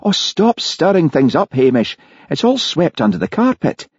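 A man voicing a gruff, morose detective who drinks hard, snarling and weary in his lines. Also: on the high side, sing-song, moderate pace, no echo, lo-fi sound, voice pushed up. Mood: exasperated. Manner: snarling, weary, self-pitying.

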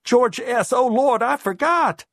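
A man voicing a shaken, horrified woman who whispers and rises high when flustered, in a dry audiobook reading. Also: expressive, takes it slowly, a little mellow, slightly rough, no echo.

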